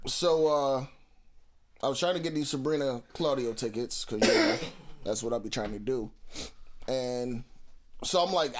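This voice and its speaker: Young dude on a podcast, bouncy expressive voice, jokey, noisy background. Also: male voice, mid-range voice. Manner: animated, teasing, quick retorts. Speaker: podcast co-host. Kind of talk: casual podcast banter. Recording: clear background noise.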